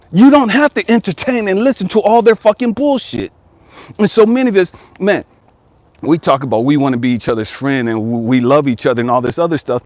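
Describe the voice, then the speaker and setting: A man's voice: sits high, a little mellow, no room sound. A man coaching viewers in a blunt, profane motivational rant, now and then mimicking whiny complainers. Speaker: life coach.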